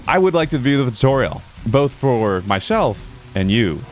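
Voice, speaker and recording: A man's voice: mid-range voice, expressive, moderate pace, few pauses, background noise. A man giving sponsored gameplay commentary while hamming it up as a pompous mock emperor. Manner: hammy, pompous mock-emperor role-play. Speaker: gaming YouTuber. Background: background music.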